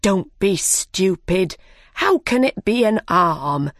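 A woman voicing a fussy, bossy male White Rabbit who shouts orders in a storybook reading. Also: medium pitch, animated, takes it slowly, no echo, studio quality. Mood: shouting, impatient.

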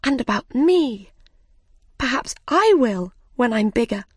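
A woman's voice: a little high, lively intonation, a little slow, breathy edge, dry recording, clean studio sound, pitched above the performer's own voice. A woman voicing Alice, an anxious little girl talking to herself in a storybook reading. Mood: worried.

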